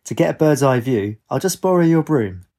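A man's voice: medium pitch, expressive, brisk, mellow, lightly acted. A man voicing a wry young woman student.

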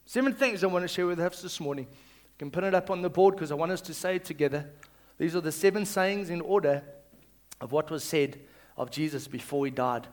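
A male pastor reading scripture and preaching, swinging between loud calls and hushed reading and leading the congregation to repeat after him. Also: a little high, fairly quick. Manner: leads the congregation in call-and-response.

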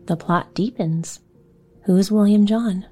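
A woman voicing a calm, kindly middle-aged father in a storybook reading. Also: mid-range voice, slow pace, husky, faint music behind. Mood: fond.

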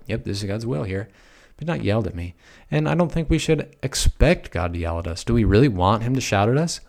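A man with a fairly low voice gives a relaxed spiritual teaching. He talks in a folksy, conversational way and drives points home by repeating himself. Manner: conversational, folksy, with emphatic repetitions. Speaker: preacher.

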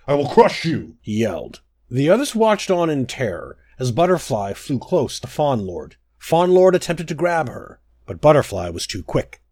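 Man narrating a fable, lively pitch. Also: no room sound.

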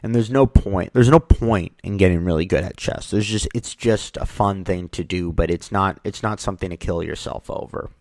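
A man telling casual stories in a rambling, halting monologue, often restarting his sentences. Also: sits low, a little mellow, no echo, clean studio sound.

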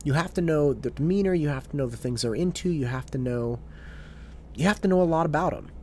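A man's voice: a little high, fast, warm tone, slight background noise. A man who works as a tutor, telling a story in an earnest monologue and often repeating his words as he goes.

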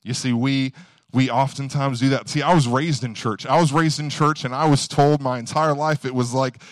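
In clean studio sound with no room tone, a young man's steady, mid-range voice delivers a relaxed sermon. He's conversational and tells stories, hitting important points with sudden emphasis.

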